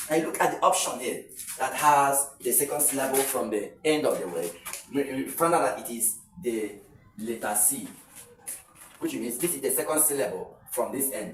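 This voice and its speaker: Male tutor, steady board-side explainer, echoey room, mic set back. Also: mid-range voice, normal speed, recorded from a distance, slight background noise. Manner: explaining step by step, repeats words, fillers. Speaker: English tutor. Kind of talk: exam-prep lesson.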